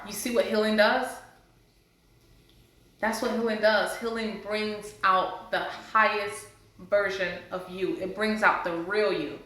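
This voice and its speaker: Sitting indoors before a camera, a woman vlogger earnestly recounts her healing story as a casual, faith-based testimony meant to encourage viewers. Her mid-range voice is bright and clear, and the room around her echoes heavily.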